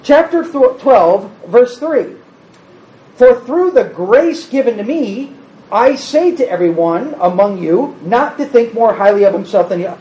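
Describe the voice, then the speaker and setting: A man preaching an expository sermon, animated, acting out quoted speech. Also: extremely high pitch, a little slow. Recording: dull roomy sound, faint ambience.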